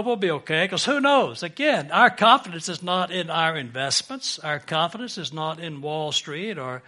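A middle-aged man preaching a sermon in an earnest way, building emphasis and swelling louder on key points. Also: on the high side. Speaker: pastor.

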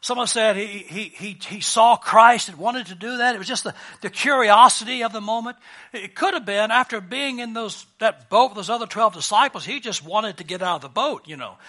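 A man's voice: sits high, fairly quick, sharp tone. A man preaching a sermon as pastor, in a conversational, lightly joking way with frequent restarts.

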